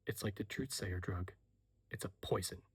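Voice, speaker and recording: Man doing a tormented, intense young man; whispered role-play, breathy and low. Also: moderate pace. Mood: ominous. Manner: hushed, low and tense.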